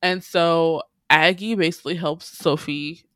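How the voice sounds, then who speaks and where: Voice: medium pitch, unhurried, clean tone. A podcast host casually retelling a film plot, swearing freely and laughing as they go. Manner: animated storytelling, swearing, laughing. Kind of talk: casual chat.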